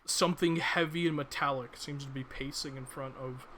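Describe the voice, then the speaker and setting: A man's voice: medium pitch, fairly even intonation, moderate pace, a crowd in the background. A man narrating as game master of a tabletop game, hesitant with many fillers.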